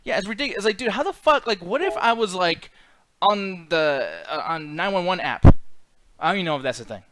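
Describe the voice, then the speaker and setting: Fast-talking, swearing male podcast host. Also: sits high, noisy background. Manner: rambling, swears a lot, animated rants. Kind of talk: casual profane chat.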